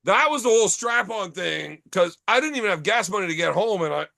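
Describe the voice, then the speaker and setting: A man's voice: high-pitched, lively intonation, fairly quick, gravelly, pushed and bright, no echo. A man hosting a casual bar chat podcast, telling profane, rambling stories. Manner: profane, storytelling. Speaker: podcast host.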